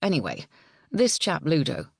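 Casting: woman reads a relaxed young Englishman, teasing, low dry voice. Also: moderate pace, creaky, slightly rough, no room sound, full character voice. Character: young English man, a cheerful designer.

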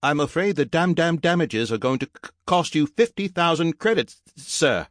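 A man's voice: a little high, expressive, moderate pace, no echo, clean studio sound, pitched above the performer's own voice, lightly acted. A man voicing a glitchy male robot servant who stammers and speaks in a stiff, formal way. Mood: glitching.

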